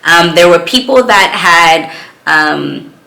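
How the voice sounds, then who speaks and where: A woman speaks in a low voice with a bright, forceful edge, telling her own story as a small business owner in an earnest, reflective way. She sounds like she is in a large, empty room with a strong echo around her. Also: lively intonation, takes it slowly, gravelly. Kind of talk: personal storytelling vlog.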